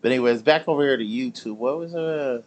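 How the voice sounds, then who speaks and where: A young man telling stories during a casual live stream with loud slangy banter, drinking while he talks at home. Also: mid-range voice, quick pace, lo-fi sound. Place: home, near the grill.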